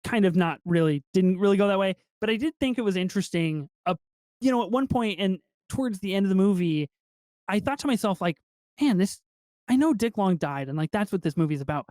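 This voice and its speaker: A man co-hosting a podcast in casual film review chat, excitable and swearing freely as he acts out movie lines. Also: high-pitched, a little fast, dry recording, studio quality. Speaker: podcast co-host.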